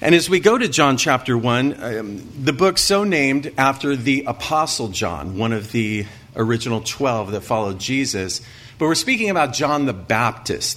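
A man's voice: mid-range voice, fairly bright tone. A man preaching a sermon, reading scripture aloud with emphasis and asking his listeners rhetorical questions. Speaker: pastor. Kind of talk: sermon, expository Bible teaching.

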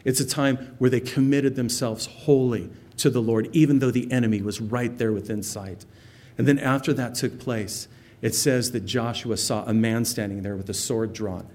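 A pastor teaching verse by verse through a Bible passage in a relaxed, conversational way, explaining word meanings and quoting scripture with feeling. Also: male voice, mid-range voice, moderate pace.

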